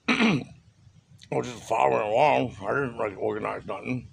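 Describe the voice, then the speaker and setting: A man's voice: medium pitch, measured pace, creaky, rough recording. A man telling a personal story in a loose, casual way, with slang, swearing and lots of fillers. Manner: loose and profane, with street slang and many fillers.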